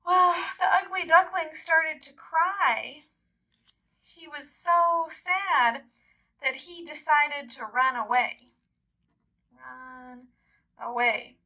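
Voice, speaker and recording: Very slow, bright woman storyteller. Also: high-pitched, rough recording. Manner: very deliberate, repeats and explains words. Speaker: English teacher. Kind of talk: slow storytelling for English learners.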